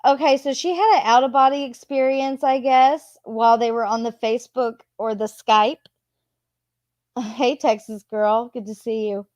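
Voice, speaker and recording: A woman's voice: on the high side, steady tone, moderate pace, darkish tone, no echo, highs cut off. A woman casually reading out text messages and adding her own blunt asides. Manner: chatty, reads messages aloud with asides. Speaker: true crime commentator.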